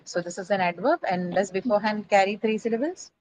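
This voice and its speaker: A woman's voice: mid-range voice, fast, noisy background. A woman teaching an English class, explaining patiently with frequent fillers and check-in questions. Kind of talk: online class lecture.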